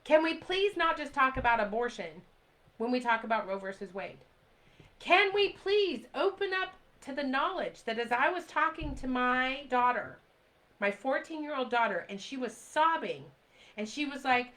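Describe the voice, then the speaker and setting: Woman, 40s, livestream host, urgent, pleading, repetitive emphasis, fairly high voice, bright. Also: animated, moderate pace, rough recording. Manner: reads and answers live comments. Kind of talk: impassioned direct-to-camera talk.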